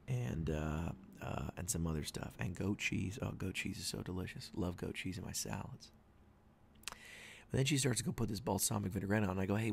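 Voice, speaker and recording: A man in his thirties hosting a podcast, telling a rambling story and quoting his wife in a higher, louder voice. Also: creaky, slightly rough. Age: 30s. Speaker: podcast host. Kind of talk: casual monologue.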